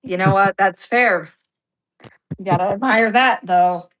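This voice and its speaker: A woman's voice: medium pitch, unhurried. Chatty young woman on a call. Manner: chatty, animated, quotes others in little voices. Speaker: co-host. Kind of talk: casual chat over a video call.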